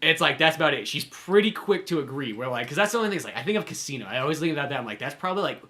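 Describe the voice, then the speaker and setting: Guy co-hosting a movie podcast, talks fast, bright sharp voice, swears constantly and rambles. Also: fairly high pitch, lively intonation. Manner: rambling and profane, heavy use of "like". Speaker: podcast co-host. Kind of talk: casual movie review chat.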